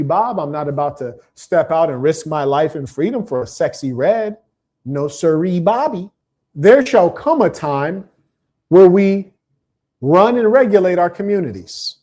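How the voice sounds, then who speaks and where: A man's voice: on the high side, warm tone. A man hosting a livestream, delivering a preachy, combative monologue and reading out viewer comments, with emphatic repetition. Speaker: live stream host.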